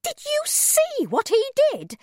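A woman voicing an indignant, sharp-tongued mother who speaks slowly and emphatically, in a storybook reading. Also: high-pitched, wildly swooping pitch, dry recording, studio quality, pitched above the performer's own voice, full character voice. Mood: shrieking. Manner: emphatic, slow, outraged.

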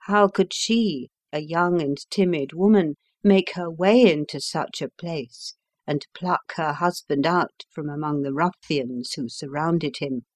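A woman narrating a classic story as an audiobook, measured and unhurried. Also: low voice, no room sound, studio quality.

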